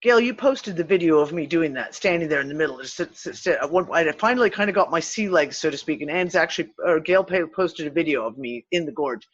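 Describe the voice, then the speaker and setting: A woman's voice: deep voice, fast talker, hardly any pauses. A woman hosting a casual discussion, telling a story with swearing and acted-out quotes. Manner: animated, profane, acts out quotes. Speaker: host of a spiritual discussion show. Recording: slightly dull lo-fi sound.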